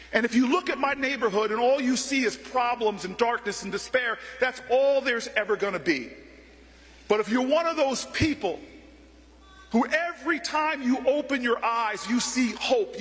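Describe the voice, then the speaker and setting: A man's voice: very high-pitched, fairly bright tone. A man voicing a stern, wise older woman who leads her community, lecturing firmly, in a reverberant hall. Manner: firm, lecturing.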